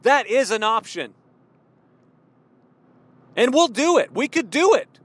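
A man in his forties preaching a fervent, worked-up sermon, at times yelling. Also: very high-pitched, sing-song, takes it slowly, no room sound. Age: 40s. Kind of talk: impassioned sermon.

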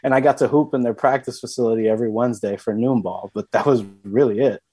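A man hosting a podcast, chatting casually and relaxed, with a lot of "like". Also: mid-range voice, quick pace, slightly rough. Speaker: podcast host. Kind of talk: casual chat.

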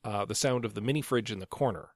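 A man co-hosting a casual book discussion podcast, talking in a wry, relaxed way with jokey segues. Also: lowish voice, quick pace, dry recording. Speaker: podcast co-host.

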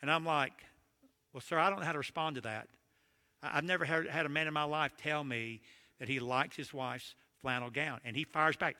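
A middle-aged man preaches to a church crowd in a humorous, storytelling way. His voice is very bright and sits a little high. A long hall reverb trails after his words. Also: fairly quick. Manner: storytelling with jokes, animated asides. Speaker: marriage conference speaker. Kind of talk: humorous sermon talk.

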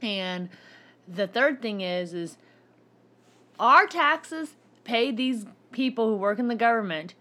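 A woman's voice: on the high side, expressive, slow pace, pushed and bright. A woman in casual chat, firmly laying out her argument point by point.

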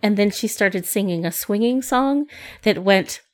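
Woman co-host, casual and upbeat, middle pitch. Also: animated, measured pace. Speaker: podcast co-host. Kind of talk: casual chat.

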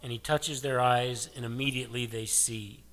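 A man's voice: medium pitch, steady tone, moderate pace, fairly bright tone. An older male pastor preaching a sermon in a conversational way, asking his listeners many rhetorical questions.

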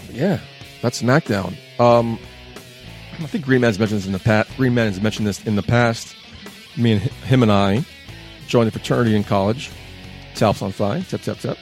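A man in his thirties hosting a casual talk show, chatty and sarcastic with lively asides. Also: fairly low pitch, normal speed, pauses often, soft background music. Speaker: podcast host.

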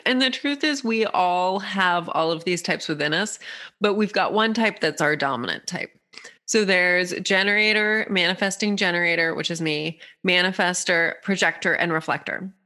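Bright, animated woman explaining playfully. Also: mid-range voice. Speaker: podcast guest, human design guide. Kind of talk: casual explanatory chat.

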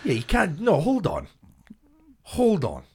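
A man's voice: sits high, huge pitch swings, a little mellow, breathy edge. A young man co-hosting a podcast, teasing his friend with plenty of swearing. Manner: teasing, sweary, quick to laugh. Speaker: podcast co-host. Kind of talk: casual chat.

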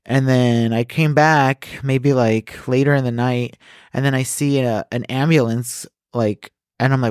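A man co-hosting a podcast, reading the news and telling stories in casual chat, swearing often and acting out quotes loudly. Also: medium pitch, unhurried, clear, resonant tone, no room sound, clean studio sound. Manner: animated, swears a lot, acts out quotes loudly. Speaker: podcast co-host.

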